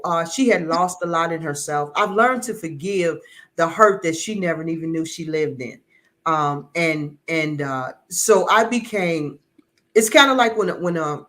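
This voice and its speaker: A man's voice: fairly high pitch, fairly bright tone. A middle-aged man giving an earnest, emotional personal testimony as an interview guest, often repeating words as he searches for them.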